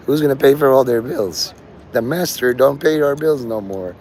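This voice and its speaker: A man's voice: medium pitch, normal speed, darkish tone, a little hiss or hum. A man livestreaming outdoors on his phone, rambling to his chat and acting out the voices of people he quotes.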